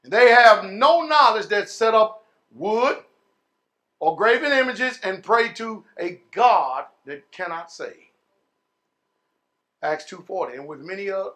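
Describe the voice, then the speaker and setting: In this sermon, a male pastor with a rather high voice addresses his flock, lingering slowly on words before bursting into shouts and then falling soft and low. His folksy delivery leans heavily on "man" and "y'all."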